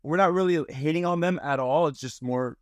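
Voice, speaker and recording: A young man telling a story in casual chat as a podcast guest, animated, with lots of fillers and slang. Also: fairly high pitch, fairly quick, smooth, dry recording, studio quality.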